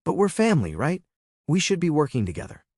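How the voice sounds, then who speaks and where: A man's voice: on the high side, wildly swooping pitch, a little fast, a little mellow, no room sound, studio quality, voice pushed up. A man voicing an arrogant young brother who talks casually and gets defensive. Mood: wheedling.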